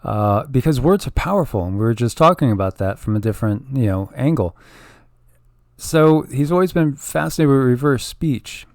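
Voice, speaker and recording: A man's voice: medium pitch, animated, normal speed, a little mellow, no room sound, studio quality. Easygoing man chatting to viewers. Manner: easygoing, laughs often, thinks aloud. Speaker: channel co-host. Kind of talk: casual chat to viewers.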